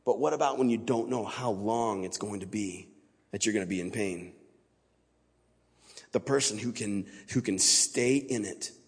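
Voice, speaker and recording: Husky-voiced man preaching in a reverberant church. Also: on the low side, normal speed. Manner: casual, conversational, plain-spoken. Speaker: guest speaker at a church. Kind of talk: informal sermon. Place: church sanctuary. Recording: long reverb of a large church hall.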